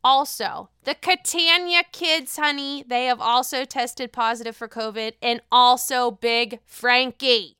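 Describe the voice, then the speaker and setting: A woman giving casual, blunt commentary, full of swearing and animated outbursts. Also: on the high side, measured pace, few pauses, clear, resonant tone, no room sound, studio quality. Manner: blunt, profane, animated rant.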